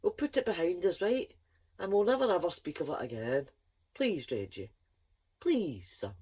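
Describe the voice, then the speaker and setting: A woman voicing a mother who pleads with her stubborn son, begging and gentle. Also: fairly low pitch, sing-song, normal speed, slightly rough. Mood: pleading. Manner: begging, then sweet and gentle.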